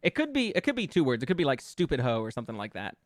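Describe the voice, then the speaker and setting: A man's voice: mid-range voice, huge pitch swings, racing, no room sound, clean studio sound. A man streaming live, chatting casually with viewers and thinking aloud as he riffs on word ideas in a playful way. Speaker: VTuber streamer.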